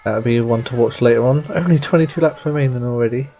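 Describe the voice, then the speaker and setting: A man's voice: medium pitch, fast talker, vocal fry, muffled recording. Laid-back male sim race co-commentator.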